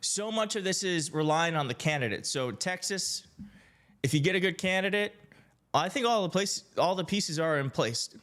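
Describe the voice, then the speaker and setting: A man from Michigan hosting a political live stream, chatting casually and excitedly with his viewers. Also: sits high, moderate pace. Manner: upbeat, hyped, addresses chat directly, laughs often. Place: home setup in D.C.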